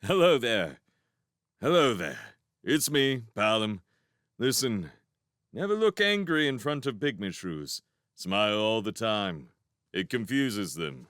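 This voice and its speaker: A man's voice: on the low side, sing-song, slow pace, a bit bright, dry recording, studio quality, heavily acted. A man voicing a good-natured, slightly foolish male hedgehog in a storybook, talking in a friendly, disarming way. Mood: cheerful.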